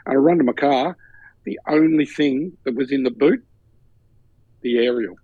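Dry, dull audio captures an Australian man's mid-range voice at a moderate pace. Co-hosting a podcast, he tells a story in relaxed conversation, lively and laughing as he acts out the voices of those involved.

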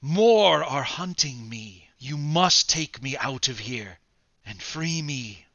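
A man voicing a trapped celestial being who sounds sweet, deep and otherworldly and pleads slowly for help. The voice is dull and lo-fi. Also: animated, fairly bright tone, no room sound. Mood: solemn pleading. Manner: slow, solemn pleading.

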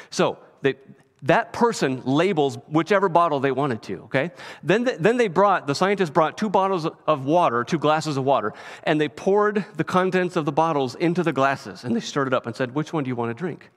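A man preaching in a church, his fairly high voice ringing out with a long hall reverb. He keeps the sermon conversational and often checks in with his listeners by asking "right?". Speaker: pastor.

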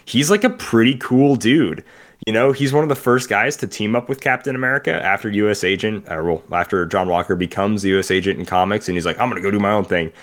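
A man's voice: fairly low pitch, fast, a bit bright. A man hosting a casual podcast, chatty and rambling, laughing often as he reads out listener questions. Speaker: podcast host. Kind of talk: casual chat.

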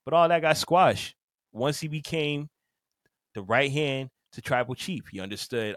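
A man's voice: medium pitch, measured pace, fairly bright tone, no room sound. A man co-hosting a podcast in casual chat, laid-back, acting out quotes in slang. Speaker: podcast co-host.

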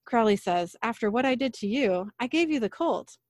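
A woman's voice: fairly high pitch, animated, normal speed, a little mellow, no room sound. Dry-voiced woman recapping a show. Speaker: podcast co-host recapping an episode. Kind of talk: casual recap, reading scene dialogue aloud.

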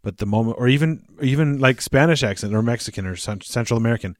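A man co-hosting a casual podcast chat, relaxed and quick to laugh, often restarting his sentences. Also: medium pitch, dry recording, studio quality. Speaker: podcast co-host.

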